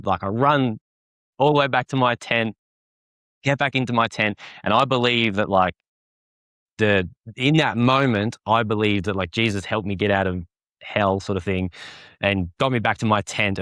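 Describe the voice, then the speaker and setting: A man's voice: on the low side, fairly bright tone, no echo, studio quality. A young man, a podcast guest telling a personal story in a rambling way with many fillers. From Australia. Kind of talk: personal testimony in casual conversation.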